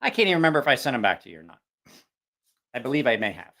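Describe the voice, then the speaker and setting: Rambling, lively-voiced man chatting on a stream. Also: medium pitch, very fast. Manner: rambling, frank, swears freely, many restarts. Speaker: knife review channel host. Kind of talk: casual live-stream chat.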